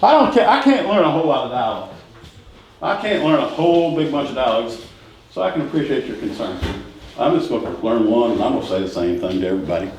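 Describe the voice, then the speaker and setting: A middle-aged man teaching a sales training class, repeating key phrases and quizzing the room with quick questions. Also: medium pitch, expressive, a little mellow. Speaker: real estate sales instructor. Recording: echoey room with faint noise.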